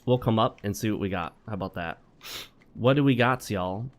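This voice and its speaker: A man's voice: on the low side, normal speed. A man hosting a gaming channel, chatting wryly through a let's play and mixing in advice talk with joking asides. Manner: chatty and wry, joking asides while playing.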